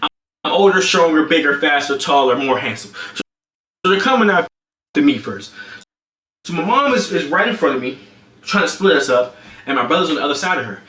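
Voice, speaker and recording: An excitable young man tells a story on a live stream, his voice high and bouncing all over the place. He punches it up with sound effects, and the sound is bright and echoes off the room around him. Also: brisk, long pauses. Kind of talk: animated storytelling on a livestream.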